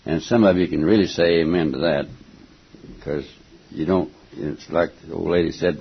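An older man preaching a folksy, emphatic sermon, stopping now and then to clear his throat and going back over his words. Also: rumbling low, fairly even intonation, normal speed. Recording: dull lo-fi recording.

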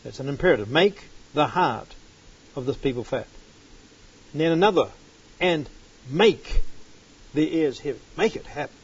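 A man's voice: a little high, animated, moderate pace, pauses often, husky. A man teaching a Bible study sermon, reading scripture aloud and breaking into sudden emphatic bursts. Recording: dull lo-fi recording.

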